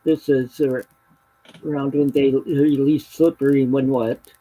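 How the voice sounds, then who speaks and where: A man's voice: medium pitch, little pitch movement, measured pace, mellow, poor audio. A man chatting casually on a video call, hesitant, with many fillers and self-corrections.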